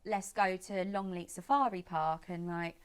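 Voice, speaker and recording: A woman's voice: fairly low pitch, fairly even intonation, unhurried, smooth. Chatty young woman telling a story. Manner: chatty, lots of "like" and reported speech. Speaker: guest, make-up artist. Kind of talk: casual chat, storytelling.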